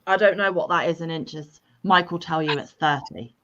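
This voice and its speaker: A woman's voice: low-pitched, moderate pace, fairly bright tone, lo-fi sound. Self-deprecating woman hosting a livestream. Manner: self-deprecating, laughs often. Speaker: livestream host. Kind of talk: casual livestream chat, reading viewer comments aloud.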